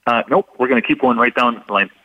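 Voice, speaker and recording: A man's voice: medium pitch, fast, no echo, phone-quality sound. A man explaining clues in how people speak, as an interview guest, in a patient and methodical way that repeats key points. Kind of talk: instructive radio interview.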